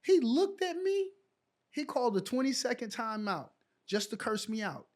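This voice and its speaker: A man's voice: very high-pitched, moderate pace. A middle-aged man telling stories in a casual interview, acting out the exchanges he recalls. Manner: animated storyteller who acts out quoted exchanges. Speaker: guest, former pro basketball player.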